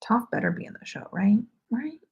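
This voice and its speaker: Whispering, this knitting livestream host speaks a little fast in a slightly high, expressive voice that's creaky and darkish in tone. She chats from home in a rambling way, leaning heavily on "like."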